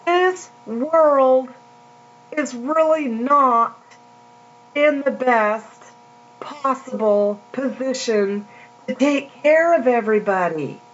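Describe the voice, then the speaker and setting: Slow-talking woman preaching a chatty sermon. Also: high voice, expressive. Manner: slow, drawn-out scripture reading with chatty asides. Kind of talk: casual sermon. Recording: dull lo-fi recording with mains hum.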